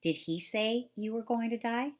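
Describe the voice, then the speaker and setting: A woman's voice: fairly high pitch, normal speed, voice pushed up, close to an everyday voice. A woman voicing a blunt, stubborn young girl who talks eagerly about the moor. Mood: earnest. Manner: obstinate, eager.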